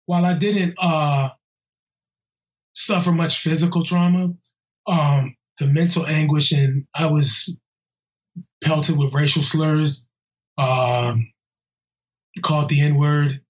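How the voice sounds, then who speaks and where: A police officer being interviewed in a casual way, talking bluntly and heatedly with slang and halting restarts. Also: male voice, fairly high pitch, steady tone. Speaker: police officer interviewed about a violent attack. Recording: muffled lo-fi audio.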